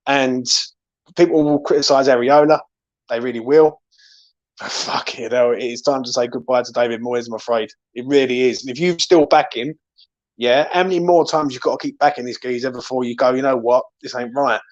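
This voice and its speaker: A man hosts a football fan reaction, ranting and swearing through his frustration. His voice sits in an ordinary middle pitch. The recording sounds dull and lo-fi. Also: fairly even intonation, brisk. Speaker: fan channel host.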